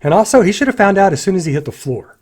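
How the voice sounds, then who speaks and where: A man giving a casual spoken film critique, critical and animated, acting out lines of dialogue in his own voices. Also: high voice, very fast, slightly rough. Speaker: movie reviewer.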